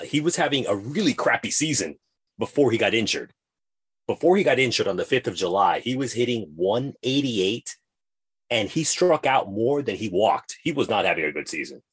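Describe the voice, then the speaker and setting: A man with a deep, husky voice co-hosts a casual podcast. He rambles happily from one tangent to the next, playful and chatty. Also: very animated, moderate pace, fairly bright tone. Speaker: podcast co-host.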